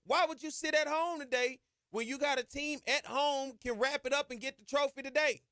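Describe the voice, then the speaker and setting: A man's voice: extremely high pitch, fairly even intonation, normal speed, pushed and bright, dry recording, studio quality. A man hosting a sports podcast, talking emphatically and colloquially with lots of "y'all" and "ain't.". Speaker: podcast host. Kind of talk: impassioned sports podcast monologue.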